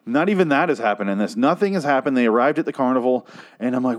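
A man's voice: mid-range voice, fast. A man hosting his own episode review show, ranting with profanity and sarcasm about how bad the episode was.

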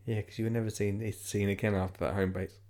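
A man's voice: fairly low pitch, level tone, fast, darkish tone. A man hosting a podcast in rambling, jokey casual chat. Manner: rambling, jokey, lots of fillers. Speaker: podcast host.

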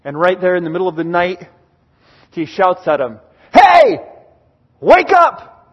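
A man with a notably high voice preaches a sermon, telling the story with animated energy and quick bursts of acted-out characters. The recording is slightly dull and lo-fi. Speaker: pastor.

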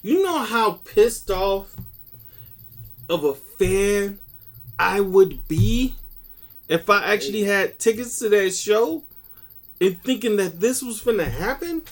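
A man co-hosting a casual wrestling podcast, ranting in an animated, profane and excitable way. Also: sits high, takes it slowly, pauses often. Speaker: podcast co-host.

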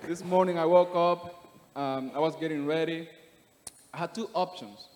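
A man tells his life story before a congregation, earnest and steady. His voice sits a little high for a man. The long reverb of a church sanctuary trails every phrase. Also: moderate pace, a little hiss or hum. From Panama. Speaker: guest giving testimony. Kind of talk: personal testimony in church.

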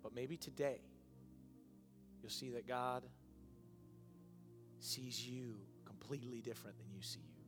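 A male pastor preaching a sermon, moving from quiet, emotional passages to loud, emphatic ones. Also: medium pitch, measured pace, long pauses, music in the background. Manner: emotional, swings from soft and hushed to loud and emphatic.

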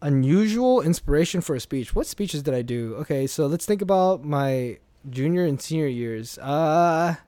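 A man's voice: fairly high pitch, lively intonation, moderate pace, few pauses, warm tone, dry recording. A young man, a former speech competitor, chatting casually as an interview guest, rambling with restarts and swearing freely.

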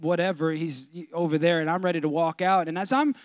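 A man preaching a sermon as pastor, telling a comic story and swinging from low asides to loud preaching. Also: fairly even intonation, fairly quick, smooth, dry recording. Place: church.

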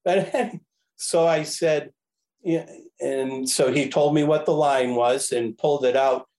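A man, a podcast guest, telling a casual story in a rambling, animated way, often correcting himself. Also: fairly high pitch, slow pace, poor audio. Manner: animated, rambling, self-correcting with frequent chuckles. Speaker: podcast guest, railroad history enthusiast.

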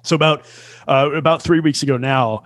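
A man's voice: fairly high pitch, steady tone, fairly quick, a bit bright. A man in his forties telling a story in casual chat, rambling and self-mocking with lots of fillers. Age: 40s.

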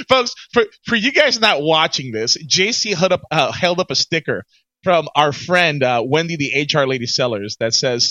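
A man's voice: fairly high pitch, expressive, normal speed, pushed and bright, no echo, lo-fi sound. A man co-hosting a casual podcast chat, teasing his partner with questions and laughing easily. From Florida. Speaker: podcast co-host.

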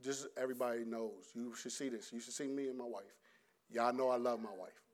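Speaking briskly in a medium-pitched voice with fairly even intonation, a middle-aged man gives a conversational sermon. His delivery shifts between loud and hushed, and he frequently starts sentences over.

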